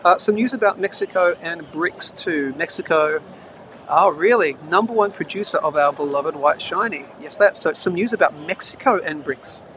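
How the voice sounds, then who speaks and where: A chatty man hosts a live market show, reading the news aloud and breaking off for quick comments. His voice sits a little high, and clear street and traffic noise runs under the outdoor recording. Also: fairly bright tone. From Australia. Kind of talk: casual live-stream chat and news reading. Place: outdoors near traffic, between trains. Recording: noisy outdoor live stream.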